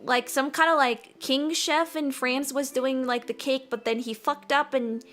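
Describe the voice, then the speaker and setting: A woman's voice: sits high, steady tone, a little slow, a bit bright, soft background music. A young woman chatting casually on a cooking stream, rambling and giggling often.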